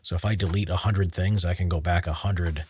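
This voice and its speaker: A man's voice: low-pitched, brisk, a little hiss or hum. A man with a Rhode Island accent, a voiceover artist casually explaining his editing workflow in a tutorial. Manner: relaxed, explains while clicking and typing.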